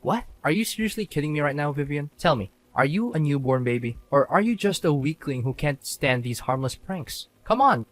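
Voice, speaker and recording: A man's voice: on the high side, animated, brisk, few pauses, natural voice. A man playing a young husband who mocks and scorns his wife in dramatic dialogue. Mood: angry. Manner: mocking, sneering and scornful.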